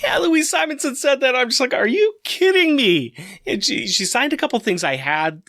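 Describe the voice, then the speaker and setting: A man co-hosting a comic book podcast, telling a long story in an excited, animated way. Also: very high-pitched, fairly quick, dry recording, clean studio sound. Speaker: podcast co-host. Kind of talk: casual chat.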